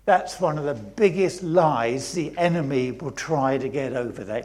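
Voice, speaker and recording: A man's voice: mid-range voice, expressive, a little slow, hardly any pauses, a little mellow. A man, preaching a sermon in a church, reading scripture and repeating phrases for emphasis. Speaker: pastor.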